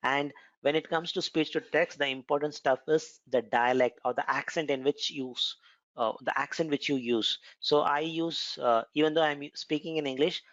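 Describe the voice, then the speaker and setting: A man's voice: fairly high pitch, fairly even intonation, moderate pace, fairly bright tone, no room sound. A man with an Indian accent explaining a cloud computing course in a conversational tutorial style, with frequent fillers and repeated words. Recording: dull, lo-fi, dry sound.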